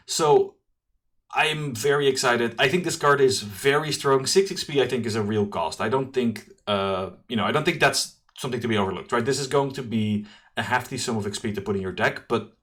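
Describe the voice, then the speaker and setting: A man hosting a card game preview, talking through new cards in an enthusiastic, chatty commentary with quick asides and self-corrections. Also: on the low side, fairly bright tone. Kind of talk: solo card review commentary.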